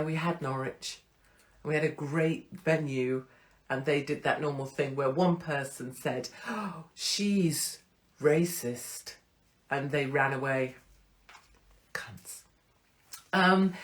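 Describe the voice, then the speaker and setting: A middle-aged woman hosting her online show, talking to followers in a casual, blunt, chatty way and swearing freely. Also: low voice. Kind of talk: casual unscripted monologue to followers.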